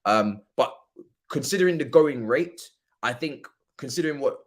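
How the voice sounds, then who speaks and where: A young man hosting a football watchalong stream, talking casually in slang and breaking into loud mock-outraged rants. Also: medium pitch, animated, moderate pace. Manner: laid-back football opinions. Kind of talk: casual livestream chat.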